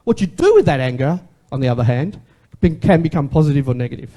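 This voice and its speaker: A man's voice: a little high, big pitch swings, fast talker, dark tone. A man, preaching a sermon as a pastor in a conversational way and asking the congregation questions.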